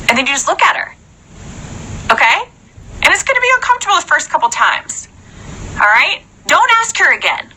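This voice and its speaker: A young woman in a chatty, animated live-stream coaching talk, often checking in with "okay?". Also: sits high, normal speed, a little hiss or hum, rough recording. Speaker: sales trainer.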